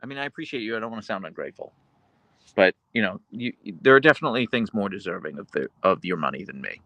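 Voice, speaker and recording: Lively, bright-voiced man chatting on stream. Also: lowish voice, quick pace, no room sound. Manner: rambling and chatty, with many fillers and self-corrections. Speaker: livestream host reading chat. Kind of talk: casual livestream chat.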